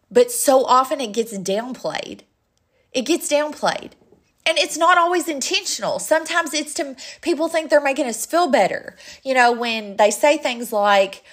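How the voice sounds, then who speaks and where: A young adult woman speaking earnestly to her listeners, often repeating a point for emphasis. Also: medium pitch. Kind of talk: personal talk to listeners.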